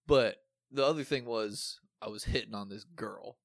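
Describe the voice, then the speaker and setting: A young man with a low voice recounts a wild night in loose, profane chat, jumping into the voices of the people in his story. The recording is dry and close, with no room sound. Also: normal speed, creaky, no room sound. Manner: animated, swearing, acts out quotes.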